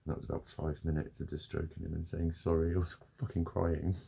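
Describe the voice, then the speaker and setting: A man's voice: very deep voice, level tone, fairly quick, gravelly, warm tone, husky. A man venting in a rambling, sweary, self-critical vlog. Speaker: vlogger. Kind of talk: casual confessional vlog.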